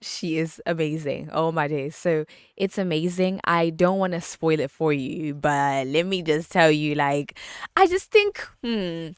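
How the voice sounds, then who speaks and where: Young woman, podcast host, chatty and bubbly, lowish voice, dry close sound. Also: animated, a little slow, clean tone, dry recording. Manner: bubbly, chatty, laughs often, repeats words for emphasis. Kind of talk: casual solo podcast chat.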